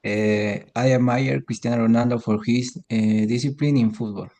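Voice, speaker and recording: A man's voice: mid-range voice, steady tone, moderate pace, warm tone. A male student giving a short, hesitant answer in an online class.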